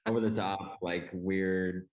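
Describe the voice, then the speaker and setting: Deep-voiced man chatting about a film. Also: steady tone, slow pace. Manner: hesitant, many "like" fillers, agreeable. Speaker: guest critic. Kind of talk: casual film discussion.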